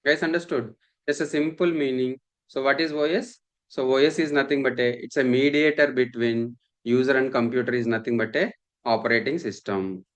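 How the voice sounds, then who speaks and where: A man's voice: mid-range voice, fairly even intonation, normal speed. Man teaching a class. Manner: repetitive, checks understanding often. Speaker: instructor. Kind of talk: classroom lecture.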